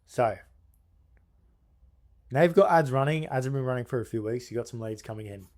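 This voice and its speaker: A young man gives a casual, unscripted business tutorial in a mid-pitched voice. He is blunt and crude, and tosses in jokes and slang as he goes. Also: fairly quick, a little mellow. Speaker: business coach. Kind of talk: casual how-to video.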